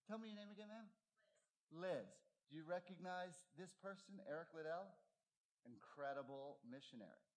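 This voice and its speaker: A male preacher delivers a sermon in a fairly high voice. He speaks emphatically, with animated rises in pitch and volume. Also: moderate pace.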